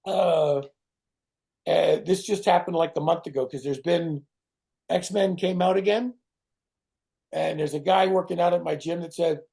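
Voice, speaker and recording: A middle-aged man, a guest actor in a casual interview who tells animated stories, swears and acts out other people's voices. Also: on the high side, unhurried, creaky, long pauses, slightly rough. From Canada.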